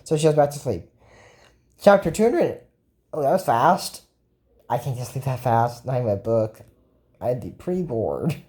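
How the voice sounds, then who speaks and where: A woman's voice: rumbling low, expressive, moderate pace, pauses often, mellow. A woman casually recapping a cartoon episode, rambling and chatty, and quoting the characters as she retells it. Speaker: video commentator.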